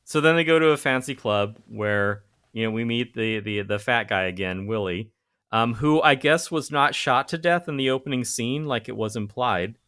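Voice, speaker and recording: A man's voice: medium pitch, moderate pace, fairly bright tone, clear, resonant tone. A man co-hosting a podcast, chatting casually about a movie with wry jokes and frequent laughs. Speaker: podcast co-host. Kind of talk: casual movie-review chat.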